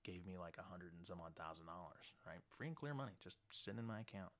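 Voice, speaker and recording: A man telling a story casually, blunt and animated, swearing freely. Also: low-pitched, quick pace.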